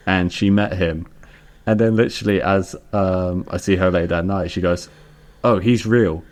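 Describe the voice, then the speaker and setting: A man co-hosting a podcast, telling a rambling workplace anecdote in casual chat. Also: low-pitched. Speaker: podcast co-host.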